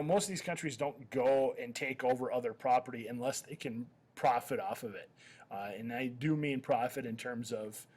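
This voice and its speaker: A man teaching history in a recorded slideshow lecture, talking conversationally with lots of "uh" and "um" fillers and the odd self-correction. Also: mid-range voice.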